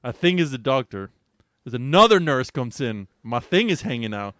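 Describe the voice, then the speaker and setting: A man's voice: medium pitch, moderate pace, no room sound, clean studio sound. Profane man telling a wild story. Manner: animated, profane, laughing storyteller. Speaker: podcast co-host. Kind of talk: casual chat, storytelling.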